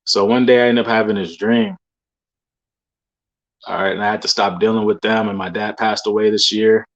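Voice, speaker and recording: A young man talks in a loose, unscripted way, piling up fillers and slang as he tells a personal story. His voice sits a bit low, and he drifts from one thought to the next. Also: fairly even intonation, moderate pace, muffled recording. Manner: loose, rambling street slang with many fillers. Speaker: believer sharing dreams. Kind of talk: casual testimony monologue.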